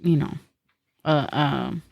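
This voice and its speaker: A woman's voice: low-pitched, takes it slowly, no echo, lo-fi sound. A woman in casual podcast chat, telling candid anecdotes and swearing often.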